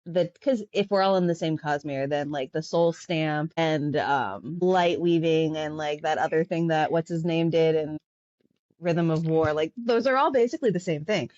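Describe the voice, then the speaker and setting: A woman's voice: sits low, normal speed, a little mellow, no echo, dull audio. A woman guesting on a podcast in casual chat, rambling and filling her talk with "like".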